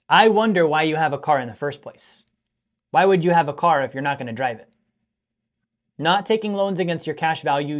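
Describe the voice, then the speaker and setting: Man, finance show host, higher-pitched voice, emphatic, scolding, repeats himself for stress. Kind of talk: direct-to-camera teaching monologue.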